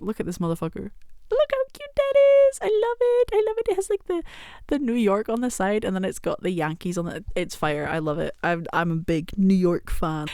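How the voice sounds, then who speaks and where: A young British woman talks into her camera at home in a loose, rambling vlog, cursing casually and poking fun at herself. Her voice sits a little low for a woman. The sound is close and dry, with almost no room echo. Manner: rambling and self-deprecating, swears often, laughs a lot. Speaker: vlogger.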